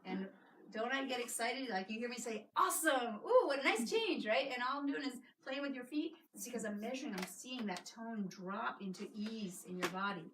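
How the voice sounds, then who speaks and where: A woman's voice: fairly high pitch, normal speed, a little hiss or hum. Upbeat woman lecturing in an echoey room. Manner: energetic, coaxing, keeps asking "right?". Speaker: chiropractor giving a patient workshop. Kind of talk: live workshop talk. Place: clinic room with a small audience. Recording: echoey room, mic at a distance.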